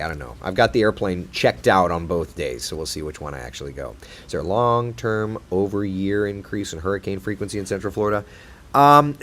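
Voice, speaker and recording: Chatty, animated male TV weatherman. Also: lowish voice. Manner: chatty and playful, reads viewer comments aloud. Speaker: TV meteorologist hosting a live chat. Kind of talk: casual live-stream chat with viewers.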